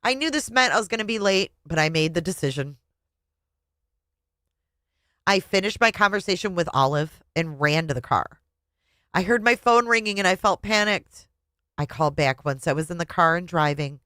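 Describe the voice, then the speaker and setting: A woman's voice: fairly low pitch, fairly quick, dry recording. A woman reading a memoir aloud with feeling and adding her own commentary as a reviewer. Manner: expressive, emotional reading. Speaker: book reviewer.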